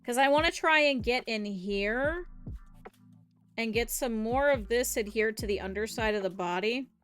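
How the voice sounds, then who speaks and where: A young woman from northern Ohio, US, with a Midwestern accent, is a VTuber streamer chatting casually while needle-felting on stream. She rambles and thinks aloud in a chatty way. Her voice is on the high side with normal speed and a fairly bright tone, and faint music plays behind her.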